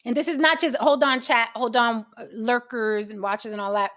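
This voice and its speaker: A woman's voice: fairly high pitch, steady tone, normal speed, a bit bright. A woman hosting a casual livestream chat, blunt and swearing freely. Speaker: host.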